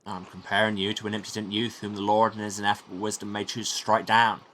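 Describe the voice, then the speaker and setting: Guy playing a stuffy old monk lecturing, lowish voice, faint hiss. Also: flat delivery, fast talker, fairly bright tone, close to an everyday voice. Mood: stern. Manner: pompous, scripture-quoting.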